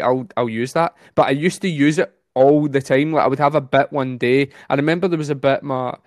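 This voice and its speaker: Fast-talking man, dry close sound. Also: medium pitch, dry recording. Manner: fast-talking, quick laughs. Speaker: comedian. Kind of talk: casual chat.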